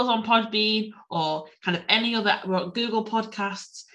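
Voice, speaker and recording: A woman's voice: mid-range voice, moderate pace, few pauses, fairly bright tone. A woman co-hosting a podcast, chatting casually and emotionally through a film review with lots of "like". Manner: chatty, heavy use of "like"; emotional, gushing. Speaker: podcast co-host.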